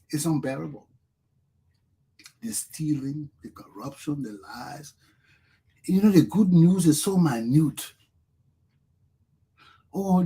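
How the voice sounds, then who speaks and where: A man's voice: a little high, warm tone, slightly rough. A man from Liberia with a Liberian accent, giving a passionate solo commentary full of bitter laughter and sudden outbursts.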